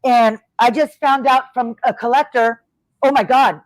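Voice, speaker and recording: Her voice sits on the high side and moves at a measured pace, with no echo in the recording. The speaker is a middle-aged ex-wrestler in a casual interview, a chatty and expressive storyteller who performs the quotes of people in her anecdotes.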